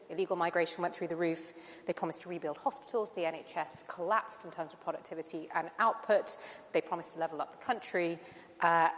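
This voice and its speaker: A woman speaking as a panel guest, brisk and assured as she lists her points. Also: fairly low pitch. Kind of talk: conference panel discussion. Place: large conference hall. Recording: long hall reverb with faint background noise.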